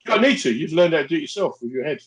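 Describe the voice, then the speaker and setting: A man's voice: a little high, very animated, very fast, rough recording. A man co-hosting a podcast, chatting casually in an indignant, joking way. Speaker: podcast co-host. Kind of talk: casual chat.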